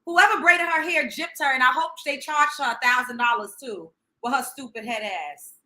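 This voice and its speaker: A woman's voice: high-pitched, normal speed, sharp tone. A woman hosting a livestream, reacting in a profane, sarcastic, emphatic rant. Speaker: livestream host. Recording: roomy echo.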